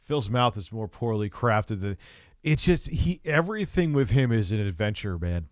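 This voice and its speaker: Dude hosting a live stream, crude jokey reactions, lowish voice, dry close sound. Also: male voice, very animated, moderate pace, no echo. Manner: crude, joking asides. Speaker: stream host.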